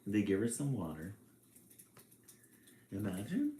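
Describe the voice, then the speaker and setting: A man reading a children's picture book aloud, with relaxed, chatty asides between passages. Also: fairly low pitch, a little slow. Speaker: storybook reader. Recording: echoey room.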